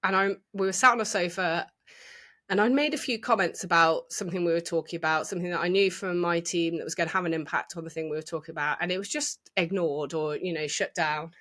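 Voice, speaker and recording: Reflective middle-aged woman, slightly low pitch, candid storytelling guest. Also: steady tone, fast talker, fairly bright tone. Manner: open, reflective, with restarts and acted quotes. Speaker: guest sharing her experience.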